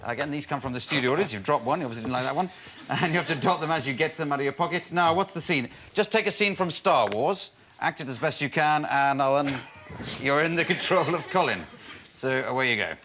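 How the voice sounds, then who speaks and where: A man with a British accent hosting an improv comedy show, introducing games with halting restarts. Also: a little high, animated. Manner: halting, with many ums and restarts. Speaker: game show host. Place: television studio with audience. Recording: studio with audience noise.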